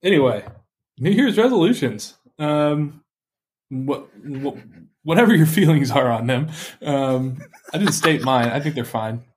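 A man's voice: a little high, expressive, a little slow, darkish tone. A man hosting a casual podcast, teasing his co-hosts in a laid-back way. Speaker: podcast host.

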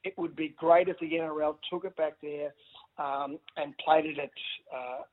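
A middle-aged man, a former rugby league player, chatting excitedly as a radio guest, stumbling over restarts and calling everyone mate. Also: a little high, normal speed. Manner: excitable, stammering restarts, says mate a lot. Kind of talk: casual radio phone interview. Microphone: phone. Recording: phone-line audio.

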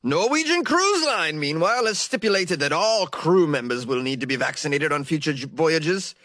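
A man's voice: a little high, very animated, moderate pace, pushed and bright, dry recording, clean studio sound. A man putting on a pompous British newsreader. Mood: mock formal. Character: stiff male British newsreader.

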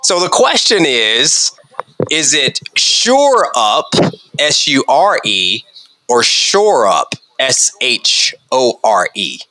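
Lively bright-voiced male host. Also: mid-range voice, slow pace, a little hiss or hum, low-quality recording. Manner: playful, teasing quizmaster. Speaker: podcast host. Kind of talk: casual quiz chat.

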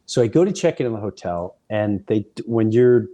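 A man hosting a podcast, telling animated, rambling off-the-cuff stories that wander off on side paths. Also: lowish voice, moderate pace. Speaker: podcast host, comedian. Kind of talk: off-the-cuff storytelling.

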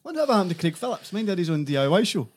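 Teasing scottish guy on a podcast, fast talker, husky, high bouncy voice. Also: big pitch swings. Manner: teasing, dry banter. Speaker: podcast co-host. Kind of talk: casual chat.

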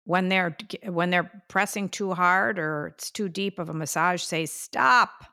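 An older woman co-hosting a podcast, chatting casually and telling stories with drawn-out fillers and sighs. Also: lowish voice, steady tone, sharp tone. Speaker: podcast co-host. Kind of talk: casual chat.

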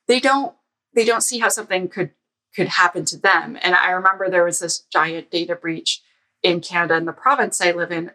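A woman with a rather low but bright, forceful voice, chatting as a guest on a podcast. She tells anecdotes briskly and slips into quoted dialogue as she goes. She sounds casual and animated. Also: creaky, rough recording. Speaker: podcast guest, security author. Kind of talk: casual storytelling interview. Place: lives in a Canadian province.

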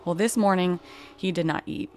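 A woman's voice: lowish voice, normal speed, darkish tone, soft background music. A young adult woman, a podcast host, telling a personal story in a candid, emotional way with casual fillers.

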